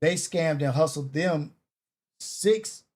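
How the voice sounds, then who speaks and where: A man's voice: fairly high pitch, slow pace, darkish tone, slightly rough. A man hosting a live podcast, talking in a laid-back, slangy way and thanking viewers for tips. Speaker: podcast host. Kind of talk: casual chat.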